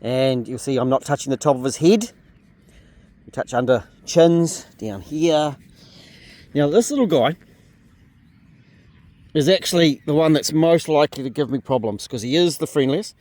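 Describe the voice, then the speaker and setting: Speaking with a fairly high, warm voice and lively intonation, this New Zealander pauses often but keeps a normal speed. He's a sheep farmer hosting a casual farm vlog outdoors in a paddock, explaining things and chatting to his sheep.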